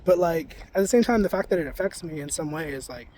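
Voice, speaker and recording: A man's voice: on the high side, lively intonation, fast talker, darkish tone. A young man rambling casually as he walks outdoors by a road, swearing often and filling his talk with "like" and "you know", recorded on a handheld phone. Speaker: spiritual vlogger. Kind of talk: casual walking vlog. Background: passing traffic.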